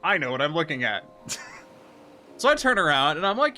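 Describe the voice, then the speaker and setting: A man streaming, telling a story as a profane, animated rant in casual talk. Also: on the high side, a little fast, faint music behind.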